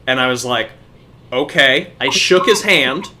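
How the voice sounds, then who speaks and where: A man's voice: mid-range voice, animated, moderate pace, pushed and bright. A young man, a podcast co-host, telling a profane story in casual chat.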